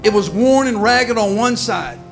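A middle-aged man preaching a sermon as a pastor, dropping to quiet storytelling and rising to shouted, half-sung lines. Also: high-pitched, expressive, measured pace, over music, rough recording.

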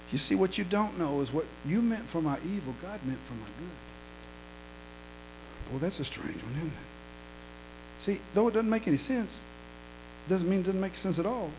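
A middle-aged man preaching a sermon as a pastor, dropping to quiet storytelling and rising to shouted, half-sung lines. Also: sits high, lively intonation, normal speed, long pauses, background noise.

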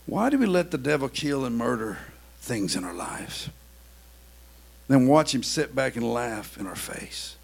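A man preaching a sermon, swinging between quiet, confiding talk and loud, shouted preaching. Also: mid-range voice, expressive, moderate pace, gravelly, slightly rough.

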